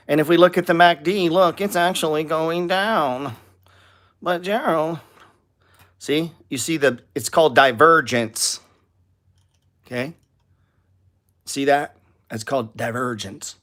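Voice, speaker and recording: A man's voice: fairly high pitch, a bit bright. A middle-aged man hosting a live trading show, talking over stock charts in a blunt, profane, lecturing way.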